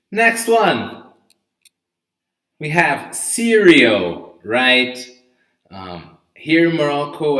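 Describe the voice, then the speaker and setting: A man's voice: medium pitch, fairly bright tone. A man teaching English vocabulary in a live online lesson, checking in with "okay?" after each word and cheering on his learners. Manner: lifts to an upbeat "very good" between items. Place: room at home during lockdown. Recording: echoey room, mic at a distance.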